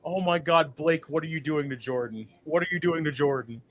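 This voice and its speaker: A man co-hosting a wrestling watch-along, reacting casually with frequent swearing and sudden loud outbursts. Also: a little high, a little fast.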